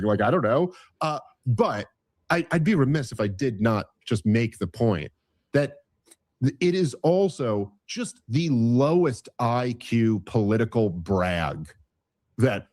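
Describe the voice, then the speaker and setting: A man's voice: mid-range voice, animated, slow pace, darkish tone, dry recording. A man ranting in casual political chat, swearing and restarting his sentences often. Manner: ranting, profane, rambling with many restarts.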